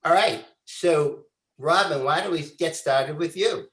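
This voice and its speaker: A man's voice: a little high, unhurried, a bit bright. A man hosting a webinar, introducing the panel in an earnest, formal way. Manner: earnest and formal, says "quite frankly". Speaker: webinar host. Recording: echoey room.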